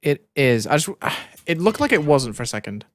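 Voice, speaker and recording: Excitable young streamer with a put-on American accent. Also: male voice, fairly high pitch, moderate pace. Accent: American, put on over a British one. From Britain. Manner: excitable, yelps and shouts at in-game deaths. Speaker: gaming streamer. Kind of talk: live stream commentary.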